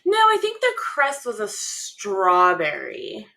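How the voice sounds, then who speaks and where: A woman co-host chats in an unhurried, meandering way, often pausing on an um before she goes on. Her voice is bright and forward. She sounds relaxed and conversational. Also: medium pitch, vocal fry. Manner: chatty, thinking aloud with frequent ums and laughs. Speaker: podcast co-host. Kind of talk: casual fan analysis chat.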